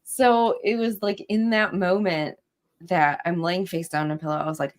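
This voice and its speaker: A woman's voice: lowish voice, steady tone, moderate pace. A young adult woman in casual podcast conversation, telling her story with animation and acting out quoted lines.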